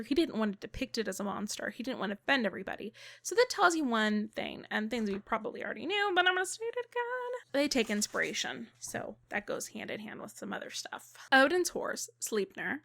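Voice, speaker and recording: Brief: playful woman lore theorist, bright high voice, chatty and loose. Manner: chatty, playful, lots of fillers. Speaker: video game lore theorist. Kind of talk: casual lore commentary.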